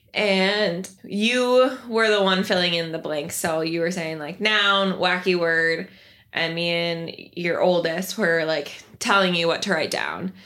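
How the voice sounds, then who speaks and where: A woman's voice: lowish voice, fairly bright tone. A woman co-hosting a casual podcast, chatting and teasing with a giggly manner. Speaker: podcast co-host. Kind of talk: casual chat.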